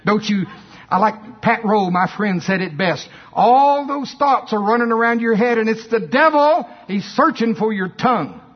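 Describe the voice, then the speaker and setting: A male preacher telling a story in an emphatic, animated sermon, with asides to the congregation. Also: high-pitched, moderate pace, husky. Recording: dull lo-fi sermon recording.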